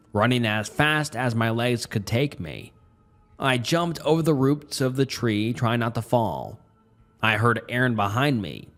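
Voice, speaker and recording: Male horror narrator, mid-range voice, tense and measured pacing, light music bed. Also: mid-range voice. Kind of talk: scripted narration. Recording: faint music underneath.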